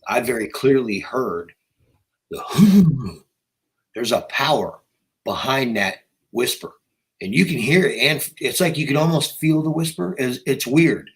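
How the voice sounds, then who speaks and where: A man with an ordinary mid-range voice talks through his ideas in relaxed conversation. He leans on fillers such as "like" and "you know" as he explains. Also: medium pitch, normal speed, poor audio. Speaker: co-researcher guest. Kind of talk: casual explanatory chat.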